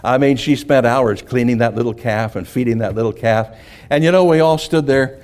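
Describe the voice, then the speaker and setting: A man's voice: mid-range voice, moderate pace, darkish tone. A man preaching a sermon, telling a folksy childhood farm story and asking the congregation "amen?".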